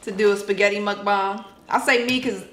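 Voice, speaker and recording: A woman's voice: medium pitch, fairly quick. A woman co-hosting a casual eating vlog, talking to viewers in a laid-back way. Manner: laid-back, relaxed, talks to viewers as y'all. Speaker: vlog co-host. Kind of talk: casual mukbang chat. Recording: roomy echo, faint noise.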